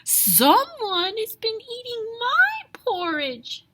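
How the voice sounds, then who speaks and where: A woman voicing a small squeaky young boy bear in a children's story. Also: wildly swooping pitch, slow pace, pushed and bright, slight background noise, exaggerated voice. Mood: upset. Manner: high and squeaky.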